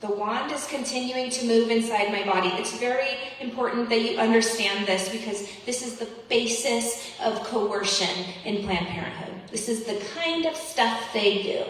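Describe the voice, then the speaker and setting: A woman's voice: fairly high pitch, fairly bright tone. Woman giving an earnest keynote in an echoing hall. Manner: earnest, pleading, emphatic repetition. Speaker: keynote speaker. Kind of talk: impassioned personal testimony speech. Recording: echoey hall, voice from far off.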